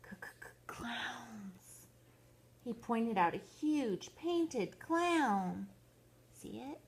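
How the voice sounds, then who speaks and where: An older woman, a grandmother, reading a bedtime story aloud to children in a gentle, expressive way. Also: medium pitch, breathy edge.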